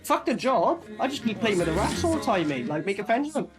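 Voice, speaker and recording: A man giving sweary, animated commentary while he watches a movie, with the film playing in the background. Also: high voice, quick pace, loud music behind the voice. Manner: sweary, animated, laughing asides. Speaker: movie reviewer. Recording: film soundtrack playing behind.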